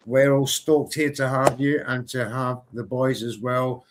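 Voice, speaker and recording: Excitable male co-host calling boxing live. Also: medium pitch, unhurried, background noise. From Britain. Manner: excitable, energetic play-by-play. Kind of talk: live boxing watchalong commentary.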